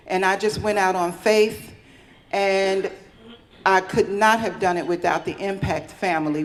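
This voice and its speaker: Middle-aged woman, candid and chatty award speech, mid pitch, casual fillers. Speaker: award recipient. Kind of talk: acceptance speech.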